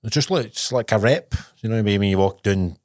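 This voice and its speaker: Laid-back Scottish man, low voice. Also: fairly quick, darkish tone, no room sound, studio quality. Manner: laddish, sweary storytelling with bursts of laughter. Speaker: podcast co-host. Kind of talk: casual chat.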